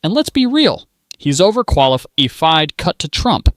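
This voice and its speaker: A man's voice: on the high side, big pitch swings, unhurried. A man reading a scripted, mocking commentary narration full of punchlines, close to the mic. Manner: mocking, punchline-driven delivery.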